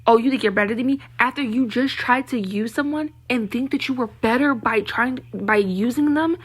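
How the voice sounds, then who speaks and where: Husky young woman ranting. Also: a little high. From Baltimore, Maryland. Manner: heated, profane, venting. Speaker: vlogger. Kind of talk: ranting monologue to camera.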